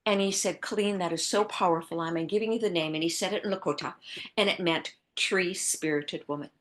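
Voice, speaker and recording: A woman author from the American Midwest, telling a personal story in a podcast interview, earnest and reflective, dropping to a hush and then rising with emphasis. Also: lowish voice, brisk. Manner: earnest, reflective, shifting between hushed and bursting emphasis. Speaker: author guest.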